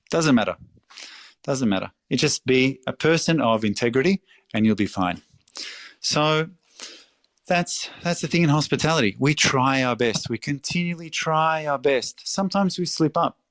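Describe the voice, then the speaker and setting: Recorded dry and clean in a studio, a middle-aged Australian man, the restaurateur guest on a podcast, talks at medium pitch. He swears without restraint and repeats phrases, speaking with passion and emphasis.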